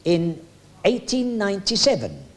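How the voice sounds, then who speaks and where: A man's voice: high-pitched, wildly swooping pitch, measured pace. An older man, a veteran entertainer, reminiscing in a chatty, jokey way with frequent hesitations. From England. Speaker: veteran music hall entertainer. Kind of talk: anecdotal reminiscing.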